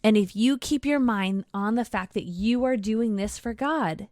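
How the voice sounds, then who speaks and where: A woman's voice: medium pitch, darkish tone, dry recording. Earnest woman podcast co-host, dry close mic. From Southern California. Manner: earnest, encouraging, slows down on key words. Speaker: podcast co-host, ministry leader. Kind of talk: casual podcast conversation.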